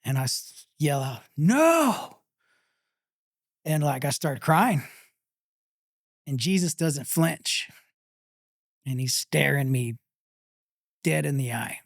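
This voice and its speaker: A middle-aged man from Texas recounts a story as an interview guest. He speaks very slowly, stopping often and leaning on fillers. His voice sits at an ordinary pitch and is recorded close and dry. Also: creaky, no room sound. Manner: halting, with many pauses and fillers. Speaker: pit master guest.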